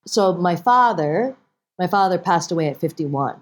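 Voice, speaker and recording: A woman's voice: lowish voice, normal speed. A woman actress talking as a podcast guest in a casual interview, telling stories with animation and acting out bits of dialogue. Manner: animated storyteller, acts out dialogue.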